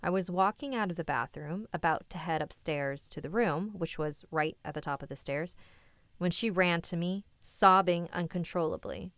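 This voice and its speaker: A woman with a slightly low, smooth voice reads viewers' scary stories aloud on a livestream. Between stories she turns candid and chatty, talking straight to the chat. Her voice sounds dry and close, with no room echo. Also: normal speed, a bit bright. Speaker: host and story reader.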